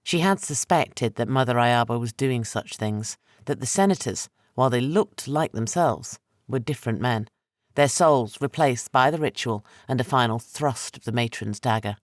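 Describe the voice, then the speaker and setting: A man narrating a historical fantasy audiobook in a steady, dramatic reading. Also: mid-range voice, normal speed, no echo, studio quality. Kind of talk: scripted narration.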